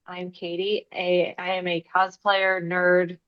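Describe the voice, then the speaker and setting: A woman's voice: lowish voice, completely flat delivery, slow pace, lo-fi sound. A woman cosplayer introducing herself on a panel, cheerful and enthusiastic. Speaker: cosplayer guest. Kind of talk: casual chat on a video call.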